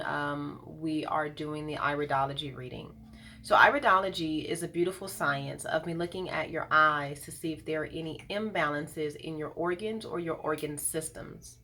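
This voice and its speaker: An earnest woman with a slightly low voice gives a heartfelt talk to camera about her wellness practice. She speaks in a thoughtful, personal way and often stops to gather her words with an "um". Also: sharp tone, a little hiss or hum. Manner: earnest, thoughtful, pauses with frequent ums. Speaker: iridologist and colon hydrotherapist.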